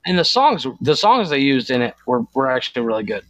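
A man's voice: medium pitch, big pitch swings, fast, fairly bright tone, dry recording. A man co-hosting a podcast in casual chat, rambling with many restarts and searching for words. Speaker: podcast co-host.

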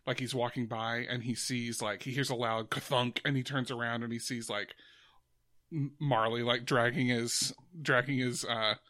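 A man's voice: mid-range voice, steady tone, moderate pace, sharp tone, no echo, clean studio sound. A man in casual conversation, telling an idea in a rambling way with many fillers and restarts. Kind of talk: casual chat.

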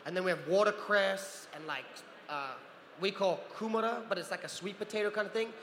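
A man in his thirties from New Zealand, telling animated stories as a guest on a convention panel and acting out other people's voices. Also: high-pitched, fairly quick. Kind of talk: anecdotal storytelling. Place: large convention hall. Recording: convention hall with reverb and faint noise.

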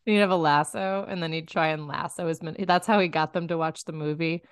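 A woman's voice: sits low, steady tone, brisk, clean tone, no room sound, studio quality. A young woman co-hosting a comedy podcast, chatting playfully and rambling with many "likes". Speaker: podcast co-host. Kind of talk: casual comedic chat.

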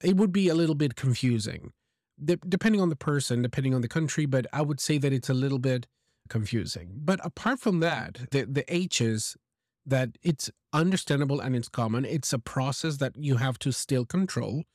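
A man's voice: mid-range voice, normal speed, a little mellow, no room sound, studio quality. A man hosting an English lesson, giving encouraging feedback on a listener's message and explaining pronunciation with examples. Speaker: English teacher and podcast host.

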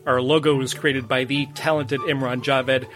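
A man's voice: mid-range voice, little pitch movement, normal speed, a bit bright, faint music behind. A man hosting a podcast in a chatty, playful way, often laughing. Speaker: podcast host. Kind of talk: casual podcast chat.

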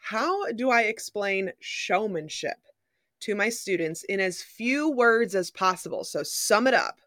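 A woman's voice: mid-range voice, animated, measured pace, a bit bright, no echo, clean studio sound. A woman co-hosting a casual podcast, upbeat and confident as she reads listener questions. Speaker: podcast co-host. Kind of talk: casual chat.

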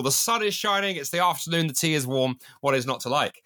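Brief: male host, bright forceful tone, playful and chatty, lively pitch. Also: fast talker. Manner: jovial, chatty. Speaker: podcast host. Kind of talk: casual podcast hosting.

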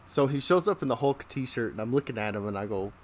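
A man's voice: medium pitch, expressive, fast talker, a little hiss or hum. A man hosting a podcast, telling casual stories, laughing often and acting out the people in them. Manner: acts out the people in his stories. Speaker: podcast host. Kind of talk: casual storytelling.

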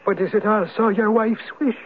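An actor playing a mysterious old male spirit, a Viking turned Irish, in a 1970s radio drama. He speaks with an Irish accent in a husky, solemn and knowing way. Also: high voice, steady tone, normal speed, close to an everyday voice. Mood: wise, teasing. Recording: narrow, tinny old radio broadcast.

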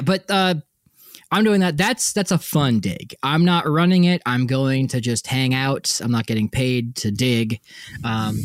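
A man's voice: medium pitch, no echo. A man co-hosting a casual podcast, joking and rambling with many laughs, on a close mic. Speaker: podcast co-host.

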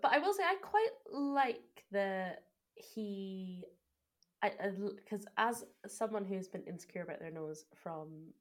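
A woman's voice: medium pitch, animated, a little slow. A young woman co-hosting a casual podcast, talking through a film with gushing enthusiasm and close analysis. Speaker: podcast co-host.

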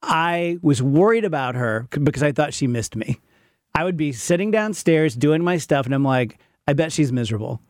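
A man's voice: fairly high pitch, expressive, moderate pace, no echo, clean studio sound. A man in his fifties, chatting candidly as a podcast co-host and poking fun at himself while telling stories. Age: 50s. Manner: candid, self-mocking storyteller. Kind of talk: casual chat.

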